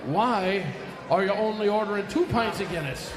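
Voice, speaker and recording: A man's voice: sits high, normal speed, echoey room, long reverb tail, a crowd in the background, natural voice. A man doing a fussing, kindly bartender. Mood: sympathetic. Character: kindly pub bartender, sympathetic.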